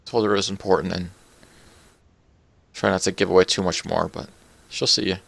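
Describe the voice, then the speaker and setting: A man voicing a kind, successful woman who is an old friend, speaking in a friendly, hushed way in a tabletop game. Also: low voice, steady tone, a little fast, creaky, dry recording, full character voice. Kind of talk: tabletop role-play voicing.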